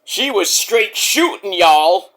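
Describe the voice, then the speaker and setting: A man recapping a wrestling show in a casual vlog, excitable, rambling and profane. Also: high voice, takes it slowly.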